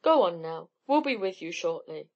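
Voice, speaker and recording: A woman's voice: fairly low pitch, very animated, normal speed, lo-fi sound. A woman voicing a blunt, loyal teenage boy who speaks firmly. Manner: forthright, firm.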